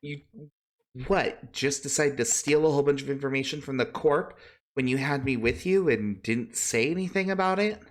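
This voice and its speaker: A man's voice: medium pitch, normal speed, pitched above the performer's own voice, lightly acted. A man voicing a weary, blunt young woman in a tabletop game, sounding exasperated and questioning.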